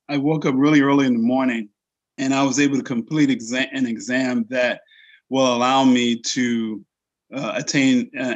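A man hosting a radio interview show, speaking in a measured, hesitant way with many fillers. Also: mid-range voice. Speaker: radio show host, coach. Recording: dull lo-fi call audio.

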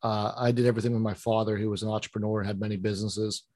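A man's voice: lowish voice, little pitch movement, racing, a little mellow, no room sound, studio quality. A man from Pittsburgh with a Pittsburgh accent, a financial planner talking as a guest in an interview, earnest and rambling with many restarts. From Pittsburgh, Western Pennsylvania. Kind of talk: interview conversation.

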